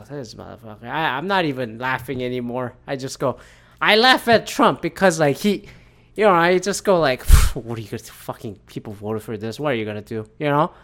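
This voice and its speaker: A man in a loose, profane rant, cursing freely and circling back with fillers and false starts. His voice sits a little high for a man. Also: fairly bright tone. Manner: rambling, swears a lot, many fillers and restarts. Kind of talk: casual profane rant on celebrity news.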